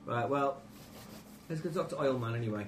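A man's voice: medium pitch, a little fast. A British man playing a tabletop game, blunt and scheming in casual chat. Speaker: player. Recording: noisy home recording.

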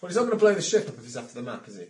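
Man, lively pitch, captain at a tabletop game, bossy, crowd of players around. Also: racing. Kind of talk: in-character tabletop banter.

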